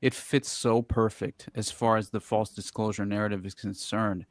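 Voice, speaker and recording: A man co-hosts a podcast in sardonic, profane casual chat. He stumbles over fillers and restarts his sentences as he goes. His voice is low and sounds close and dry. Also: flat delivery, moderate pace, dry recording. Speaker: podcast co-host.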